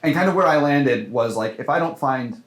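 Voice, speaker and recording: A man's voice: mid-range voice, moderate pace. A man, a film director, talking casually in an interview, full of fillers and restarts. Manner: animated, many fillers and restarts. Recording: roomy echo.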